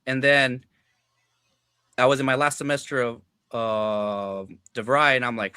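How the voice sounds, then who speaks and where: A man's voice: medium pitch, steady tone, unhurried, bright, forceful tone, smooth, no echo, clean studio sound. A young adult man, a podcast guest, telling personal stories in a loose, casual way, swearing freely, leaning on filler words and acting out what people said. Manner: loose and profane, heavy filler words, acts out quoted dialogue. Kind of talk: casual storytelling chat.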